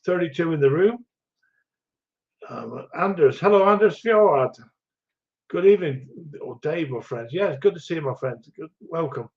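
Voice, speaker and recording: A man's voice: fairly high pitch, expressive, moderate pace. A middle-aged man hosting a livestream, chatting casually and rambling through viewer greetings with lots of ums and chuckles. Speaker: livestream host. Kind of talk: casual live chat reading viewer comments. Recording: dull lo-fi stream audio.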